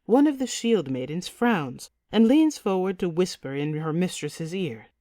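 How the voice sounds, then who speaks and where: Measured woman narrating an audiobook. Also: lowish voice, expressive, dark tone, no echo, studio quality. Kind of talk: scripted narration.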